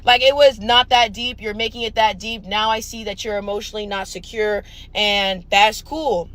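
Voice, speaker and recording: Young woman vlogger, blunt profane storytime, mid-pitched. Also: steady tone, normal speed, a bit bright, low-quality recording. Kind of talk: casual storytime rant.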